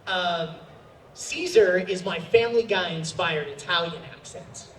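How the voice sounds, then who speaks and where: Chatty male voice actor with a high voice, answering a convention Q&A in a roomy hall, picked up from afar over faint ambience. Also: measured pace, a little hiss or hum. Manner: chatty, animated, with many fillers. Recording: roomy hall sound from a distant mic.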